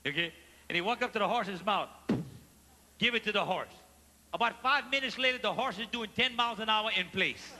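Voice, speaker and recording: A man with a Cajun accent telling comic stories on stage, animated and mixing in French phrases as he asks the audience questions. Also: sits high, normal speed, long pauses, background noise. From Louisiana. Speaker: stand-up comedian. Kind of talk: live stand-up storytelling. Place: large theater stage before a live audience. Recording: live theater recording with hall reverb and faint ambience.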